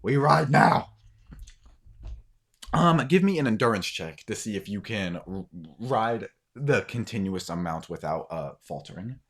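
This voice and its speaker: Male game master, tabletop narration, loose with fillers, lowish voice. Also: lively intonation, moderate pace, hardly any pauses.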